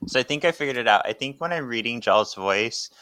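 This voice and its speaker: A man's voice: mid-range voice, fast, clean tone, dry recording, clean studio sound. A man co-hosting a podcast, casually chatting and narrating a comic. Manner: chatty, animated, laughing. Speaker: podcast co-host. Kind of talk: casual comic read-along.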